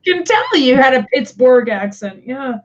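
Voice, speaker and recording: A woman chats in a playful, teasing way as co-host of a live stream. She talks slowly, with a lively, fairly high voice. The sound is dull and lo-fi. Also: a crowd in the background. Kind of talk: casual chat.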